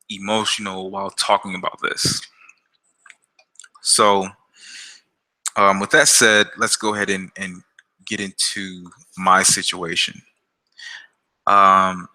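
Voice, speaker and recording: A man's voice: low-pitched, sharp tone. A man vlogging about a personal experience in a casual, hesitant storytelling style, with many fillers and restarts. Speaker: gaming YouTuber.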